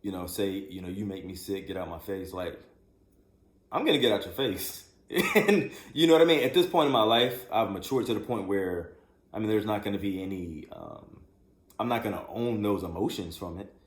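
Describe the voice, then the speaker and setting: A man co-hosting a relationship podcast, speaking in a reflective, measured way with many fillers. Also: lowish voice, expressive. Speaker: podcast co-host. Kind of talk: casual chat about relationships. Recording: echoey room.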